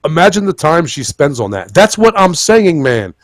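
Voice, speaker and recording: A man hosting a live podcast, ranting in a profane, heated way. His pitch swings widely and sits a bit high for a man. The sound is dry and close, with little room echo. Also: sing-song, normal speed. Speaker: podcast host. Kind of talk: casual live podcast chat.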